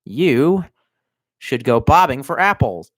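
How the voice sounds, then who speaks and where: A man's voice: medium pitch, very animated, slow pace, dry recording, clean studio sound. A man in his thirties, a bit drunk, ranting on a livestream from his cramped bedroom in a rambling, profane, sardonic way. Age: 30s. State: tipsy. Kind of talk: casual livestream rant.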